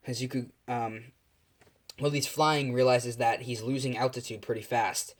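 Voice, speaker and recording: A man's voice: medium pitch, fairly even intonation. Young man rambling through a fan story. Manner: rambling, halting, many fillers and restarts; voices characters' lines in his own plain voice. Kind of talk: improvised fan story narration.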